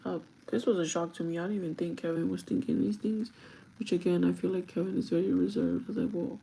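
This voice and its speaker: Sleepy woman rambling through a story on a live stream, gravelly edge to her voice, noisy background hiss. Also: fairly low pitch, steady tone, quick pace, warm tone. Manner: emotional, rambling, quoting her partner. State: sleep deprived. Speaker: livestreamer. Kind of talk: casual livestream storytelling. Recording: noisy livestream audio.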